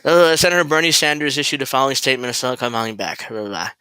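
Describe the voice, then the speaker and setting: A man hosts a loose political commentary livestream, wandering off on tangents and mocking what he reads with easy profanity. His voice is bright and forceful. The sound is close and dry, with no room around it. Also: on the high side, expressive, quick pace, clear, resonant tone, dry recording. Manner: rambling, sardonic, swears freely. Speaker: host. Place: at home, cooking while streaming.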